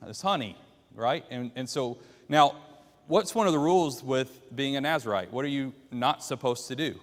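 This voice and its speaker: A man's voice: mid-range voice, normal speed, big-room sound. A man teaching a Bible class, walking listeners through the story by quizzing them with questions. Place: church classroom.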